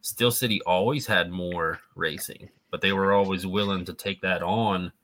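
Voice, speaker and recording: A man with a very low but bright voice talks casually. He gives his opinions in a reflective, measured way. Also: fairly even intonation. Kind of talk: casual chat.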